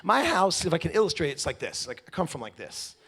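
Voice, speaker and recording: Male speaker, fairly high and husky, animated comic delivery, slips into other people's voices. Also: fast talker. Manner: animated, acts out voices of his wife and others. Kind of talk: comic storytelling talk.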